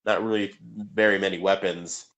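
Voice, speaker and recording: A man's voice: low-pitched, steady tone, moderate pace, a bit bright. A man co-hosting a sports podcast, talking casually and rambling with many fillers and restarts. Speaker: podcast co-host.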